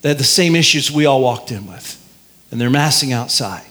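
A male pastor preaching a sermon in a lively way, drawing out key phrases and leading the congregation in call and response. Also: mid-range voice, moderate pace. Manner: lively, drawls out key phrases, has the congregation repeat lines.

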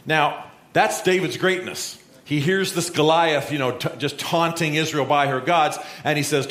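A male pastor preaching a sermon, telling a Bible story and acting out the quotes with lively, conversational energy. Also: a little high, moderate pace, hardly any pauses. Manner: storytelling, animated, acts out quotes. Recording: roomy echo.

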